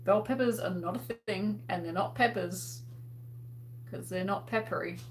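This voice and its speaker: A woman's voice: medium pitch, moderate pace, a little hiss or hum. A woman with an Australian accent hosting a casual livestream. She chats and laughs and uses lots of fillers as she answers viewers' comments. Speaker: host.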